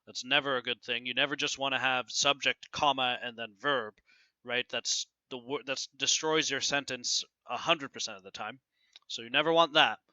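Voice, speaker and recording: A man teaching a grammar lesson, often asking "right?" and reading example sentences aloud with clear pauses. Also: medium pitch, fairly even intonation, pushed and bright, dry recording, muffled recording. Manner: keeps asking "right?" to check understanding. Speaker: English teacher.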